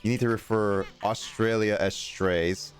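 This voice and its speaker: A young man with a fairly low voice chats loosely through a game stream. He rambles, reads viewer messages out loud and laughs often. Faint game music plays under him. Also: expressive, normal speed. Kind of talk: casual live-stream chat while gaming.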